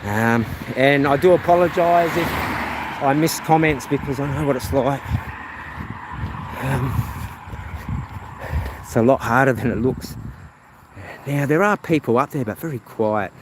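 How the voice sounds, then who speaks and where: On a casual walking stream along a rural path, this Kiwi man speaks at a measured pace with frequent pauses, chatting with viewers and reading their comments out. His voice is mid-pitched, and his phone picks up heavy outdoor noise from animals and vehicles going by.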